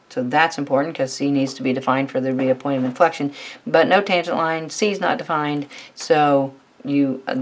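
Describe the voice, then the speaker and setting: Woman math instructor, low pitch, steady explainer for a tutorial. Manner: steady, fills pauses with "all right". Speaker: math teacher.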